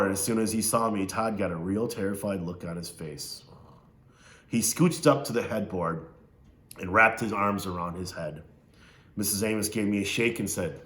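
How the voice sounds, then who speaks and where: Low-voiced man reading a novel aloud. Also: fairly bright tone, reverberant. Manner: pauses to ask listeners questions. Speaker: reader.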